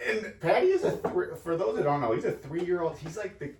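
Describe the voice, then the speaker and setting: A man co-hosting a casual podcast, relaxed and teasing, laughing often as he tells a story. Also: high-pitched, fairly quick, roomy sound, recorded from a distance, a little hiss or hum. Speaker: podcast co-host. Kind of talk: casual chat.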